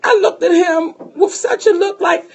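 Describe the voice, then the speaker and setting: A woman co-hosting a podcast, telling a personal story in an animated, profane way and laughing often. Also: very high-pitched, moderate pace, vocal fry. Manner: speaks to listeners as sisters. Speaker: podcast co-host.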